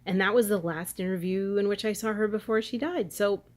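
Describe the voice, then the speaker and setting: A woman's voice: medium pitch, a little fast, darkish tone. A woman vlogger chatting in a rambling, gossipy way to her viewers. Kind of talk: casual chat.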